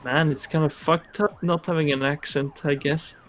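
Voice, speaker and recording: A man's voice: on the high side, fairly even intonation, moderate pace, crowd noise. A man from Sweden with a Swedish accent, a native Swedish speaker, dropping dry, teasing remarks in casual chat on a gaming stream.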